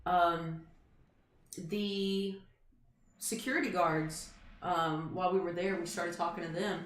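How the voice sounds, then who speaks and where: A woman's voice: on the low side, fairly even intonation, takes it slowly, slight background noise. A woman streamer telling a long rambling story in casual chat, full of fillers and asides. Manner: chatty, rambling, lots of fillers. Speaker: streamer host. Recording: echoey room with music. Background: faint music.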